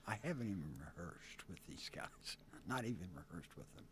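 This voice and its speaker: A middle-aged man telling profane, animated stories about his past as a band singer in an interview. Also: sits low, normal speed, a little hiss or hum. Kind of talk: casual storytelling interview.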